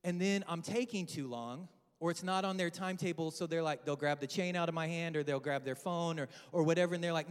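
A man in his thirties delivers a light, joking sermon to a large congregation. His voice sits high, and he acts out his family's voices as he tells stories. A long reverb from the sanctuary trails behind every phrase. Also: a little fast, clean tone. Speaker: guest preacher. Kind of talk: humorous sermon. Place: large church with balcony.

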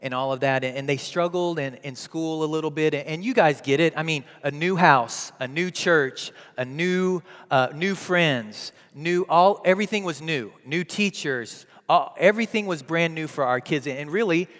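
A man in his thirties preaching a sermon as a pastor, telling a family story and moving between hushed softness and loud, pleading prayer. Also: fairly high pitch, normal speed, hardly any pauses, in a large hall.

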